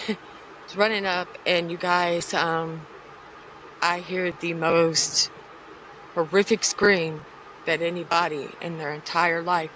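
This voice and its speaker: A middle-aged woman, a podcast guest, telling a personal story in a halting, grief-stricken way with many pauses. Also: on the low side, fairly bright tone, slight background noise, poor audio.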